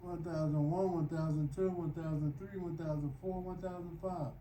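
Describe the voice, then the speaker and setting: A man's voice: a little high, fairly even intonation, moderate pace, warm tone, reverberant, recorded from a distance, a little hiss or hum, low-quality recording. A man narrating his knee rehab workout in a casual vlog, counting reps aloud while straining with effort on the floor. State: exerting himself. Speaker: vlogger doing knee rehab exercises. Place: home room, lying on the floor.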